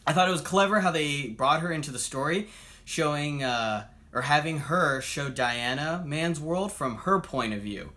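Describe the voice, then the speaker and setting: Speaking at normal speed in a sharp tone, a man with a voice on the high side reviews a comic book casually. He's upbeat and talkative, acting out what the characters say as he retells the plot.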